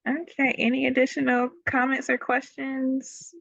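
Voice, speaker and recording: Friendly webinar host lady, gravelly voice, dull dry call audio. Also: high-pitched, completely flat delivery, measured pace, a bit bright, no room sound. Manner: friendly, enthusiastic, laughs easily. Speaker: webinar moderator. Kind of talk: moderating a webinar.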